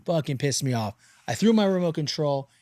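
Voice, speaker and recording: A man in his forties hosting a podcast, telling stories in a casual, animated way and swearing freely. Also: fairly high pitch, a little fast. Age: 40s. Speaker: podcast host. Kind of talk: casual interview chat.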